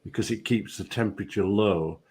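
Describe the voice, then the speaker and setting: A man's voice: on the low side, fairly quick, breathy edge. An older man, a former referee, telling anecdotes and acting out the people in them. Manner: lively storyteller, acts out quotes. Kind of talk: anecdotal storytelling.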